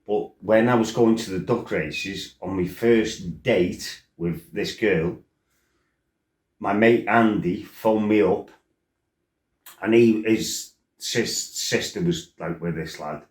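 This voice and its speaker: Deep-voiced man swearing through a story. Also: slow, a little mellow. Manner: blunt, salty, swears freely, rambling asides. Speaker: former fighter telling his life story. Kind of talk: casual storytelling monologue. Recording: roomy echo.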